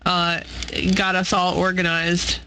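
Giggly bright-voiced female podcast host. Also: on the low side, level tone, slow pace, slight background noise, rough recording. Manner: giggly, upbeat. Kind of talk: casual chat.

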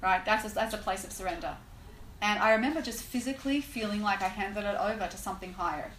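A woman teaching a class on prayer, telling a personal story in an animated way with lots of "like" and "right?". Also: medium pitch, quick pace. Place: room with a live class. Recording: echoey room, faint noise.

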